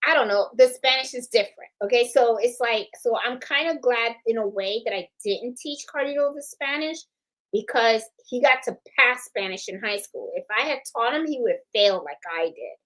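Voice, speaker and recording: A middle-aged woman chats loosely with her viewers as a crafts channel host. Her voice sits a touch high, and she strings her thoughts together with plenty of "you know" and "okay?" in a relaxed, rambling way. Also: moderate pace, poor audio. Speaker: host of a sewing and embroidery channel. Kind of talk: casual live-stream chat.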